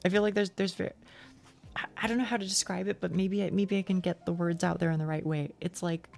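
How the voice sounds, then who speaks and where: A young woman streamer giving casual, rambling commentary, halting and swearing freely. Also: on the low side, steady tone, vocal fry, darkish tone.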